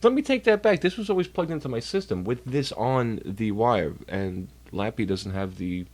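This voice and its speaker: A man's voice: mid-range voice, animated, normal speed, a little mellow. A man chatting casually on a livestream from home, rambling and swearing while doing chores. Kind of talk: casual rambling stream chat. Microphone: computer mic while streaming.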